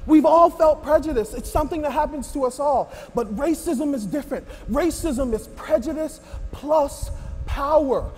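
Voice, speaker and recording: Male actor: preachy, sarcastic lecturer, very high, reverberant hall. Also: moderate pace, a little mellow. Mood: lecturing. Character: stern man lecturing on racism. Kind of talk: church skit acting.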